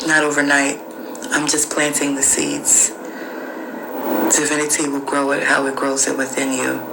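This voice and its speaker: A woman's voice: extremely low pitch, monotone, moderate pace, vocal fry. A woman podcast host giving an emphatic, repetitive motivational spiritual monologue. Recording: noisy screen recording.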